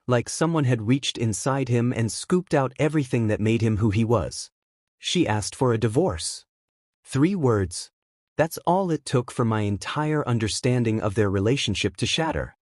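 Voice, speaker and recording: A man narrating a first-person story in a measured, reflective way. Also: mid-range voice, a little mellow, no room sound, clean studio sound.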